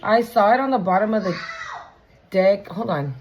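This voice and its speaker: Woman reading tarot cards for her viewers, chatty and blunt, lots of cussing and slang, mid pitch, a little faint noise behind her. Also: lively intonation, normal speed, darkish tone, lo-fi sound. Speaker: tarot reader.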